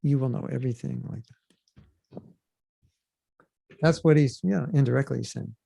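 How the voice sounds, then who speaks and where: Creaky-voiced man teaching casually. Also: medium pitch, a little slow, no room sound. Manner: animated, acts out quoted voices. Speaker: podcast host teaching scripture.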